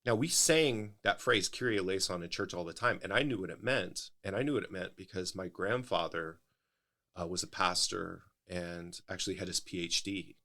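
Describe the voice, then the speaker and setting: A man's voice: deep voice, moderate pace, bright, forceful tone. A middle-aged male pastor in a casual podcast conversation, explaining at length in a thoughtful way, often restarting his sentences.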